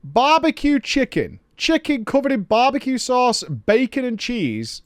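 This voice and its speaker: A man in his thirties chatting and ranting on a stream, swearing freely in an animated way. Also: very high-pitched, a little slow, no room sound, studio quality. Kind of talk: casual stream chat.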